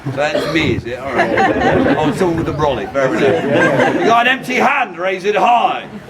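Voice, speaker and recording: A man performs a comic costumed show at a castle gate, teasing the audience and leading shouted battle cries. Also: on the high side, very animated, moderate pace. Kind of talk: live comic crowd-work show. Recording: distant handheld recording with loud wind. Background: crowd of visitors and wind noise.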